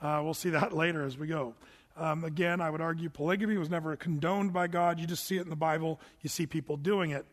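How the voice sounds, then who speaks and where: A man's voice: on the high side, steady tone, fast talker, big-room sound. A man preaching a sermon, teaching through Bible verses in a conversational way with joking asides. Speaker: pastor.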